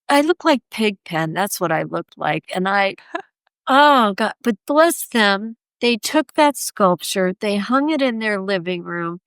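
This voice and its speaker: Lively woman sculptor telling a story. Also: unhurried, clean tone, dry recording. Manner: animated, acts out quoted voices in a raised pitch. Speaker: sculptor, podcast guest. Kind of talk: anecdotal storytelling in conversation.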